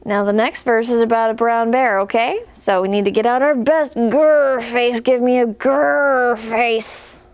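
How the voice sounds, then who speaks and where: A woman's voice: fairly high pitch, a little slow, hardly any pauses, clean tone, dry recording. A young woman, a children's librarian, leading a preschool story time with playful sing-song songs and action rhymes.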